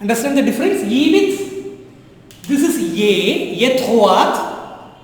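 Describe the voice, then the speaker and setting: A man teaching a French lesson in a classroom style, drilling words slowly and again and again and quizzing the students. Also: very high-pitched, big pitch swings. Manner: slow, repetitive drilling with quizzing questions. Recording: very echoey room with long reverb.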